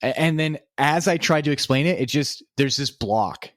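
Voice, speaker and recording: A man, a podcast guest, telling a story in a relaxed, casual way, with lots of filler words and swearing. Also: a little high, moderate pace, no echo, clean studio sound.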